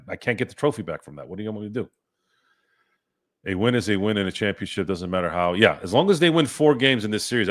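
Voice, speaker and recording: Guy hosting a sports stream, low-ish voice, ranting and swearing, all fired up. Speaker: sports podcast host. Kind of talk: live-stream sports chat.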